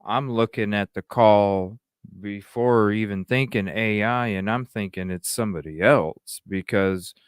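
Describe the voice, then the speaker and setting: Male caller, slow unhurried delivery, smooth clear voice. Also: on the low side, dry recording, clean studio sound. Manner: slow, hesitant, talks with fillers. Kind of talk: casual call-in chat.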